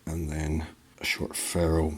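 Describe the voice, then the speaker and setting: A man's voice: rumbling low, monotone, unhurried, a little hiss or hum. A man hosting a hands-on repair tutorial, talking in clipped, terse step-by-step phrases. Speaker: host of a repair tutorial channel.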